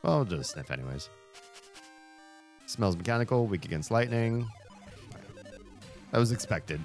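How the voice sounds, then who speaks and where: Animated male let's-play host, lowish voice that swings widely, faint game music underneath. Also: measured pace, long pauses. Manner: animated, chatty, laughs often. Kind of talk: video game commentary.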